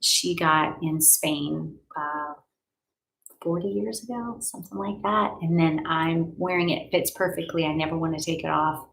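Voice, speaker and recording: Leading a live healing session at home, a life coach talks listeners through breathing, sighing and affirmations at a calm, unhurried pace. Her low, gravelly-fry voice is fairly even in intonation yet fairly bright in tone, on a rough recording with slight background noise.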